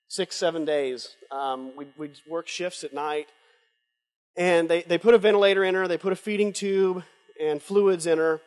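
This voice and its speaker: A middle-aged man giving a heartfelt personal testimony as a conference speaker, halting, with many restarts and a breaking voice. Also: high-pitched. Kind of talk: emotional personal testimony sermon. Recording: long hall reverb.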